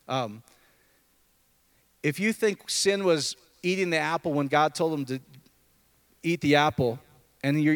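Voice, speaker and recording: A man preaching an informal sermon, jumping from loud high outbursts to low murmurs and asking the room questions. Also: no room sound. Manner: conversational, asks the room questions.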